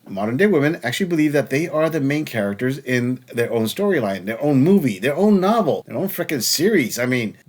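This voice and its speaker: A man hosting a reaction commentary, talking in a mocking, sarcastic, taunting way. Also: on the high side. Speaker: commentary host.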